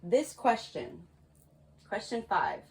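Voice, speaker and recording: A woman's voice: mid-range voice, very animated, slow pace, breathy edge. A woman giving a casual spiritual card reading, talking frankly and chattily and laughing at her own slips. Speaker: tarot card reader.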